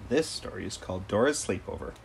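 A man's voice: fairly low pitch, expressive, quick pace, gravelly, slight background noise. Man reading a kids' storybook aloud. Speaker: storybook reader.

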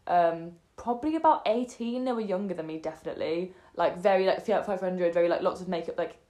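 A young woman co-hosting a podcast, telling a night-out story in an animated way, acting out the people she quotes. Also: lowish voice, fast. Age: young adult. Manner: animated storyteller, acts out quoted voices, many fillers. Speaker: podcast co-host. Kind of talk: casual storytelling chat. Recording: echoey room.

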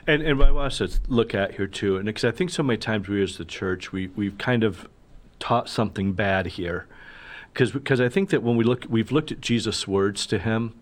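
A man's voice: on the low side, moderate pace. A man, a pastor, earnestly reasoning through a Bible passage in casual conversation, often affirming his co-host. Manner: earnest, wondering aloud with frequent affirmations.

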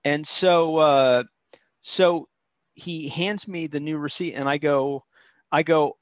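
A man's voice: a little high, takes it slowly, no room sound. A man calling in to tell a story in a rambling, indignant way. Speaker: caller telling a story. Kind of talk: casual phone-in storytelling. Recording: dull, dry lo-fi line.

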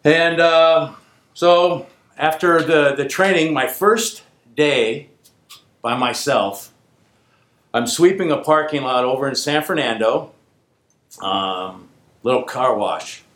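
Animated man telling a story, echoey room. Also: on the high side, slow, pauses often. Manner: animated, acts out quoted voices. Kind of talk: casual spoken anecdote.

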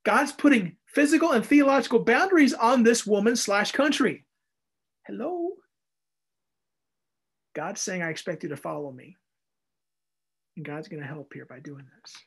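A man preaching a conversational Bible teaching, animated and acting out little voices as he goes. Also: high-pitched, normal speed, pauses often, husky. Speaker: pastor. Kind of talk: expository sermon.

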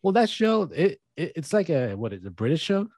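A man's voice: a little high, very animated, a little fast, a little mellow, no room sound, clean studio sound. A man co-hosting a podcast in casual chat, laid-back and often answering with short reactions. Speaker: podcast co-host.

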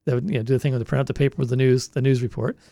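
Gravelly Boston man telling old stories. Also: medium pitch, steady tone, very fast, warm tone, dry recording, clean studio sound. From Boston area. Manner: rambling storyteller, many restarts. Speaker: longtime college radio volunteer. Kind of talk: oral history interview.

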